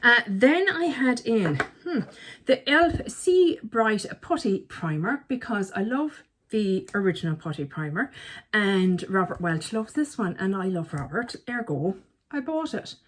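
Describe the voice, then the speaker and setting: A woman chats casually through a beauty vlog in her thirties. She rambles warmly between products and pokes fun at herself with animated little asides. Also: mid-range voice, a little slow, slight background noise. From Ireland. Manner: chatty, self-mocking, animated asides. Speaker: beauty vlogger. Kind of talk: casual chat.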